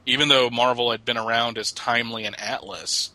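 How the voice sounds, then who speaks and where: A man's voice: medium pitch, steady tone, brisk, sharp tone, no room sound, rough recording. A middle-aged man co-hosting a podcast, chatting casually about comics and joking as he reads. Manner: joking, laughs at his own lines. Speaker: podcast co-host.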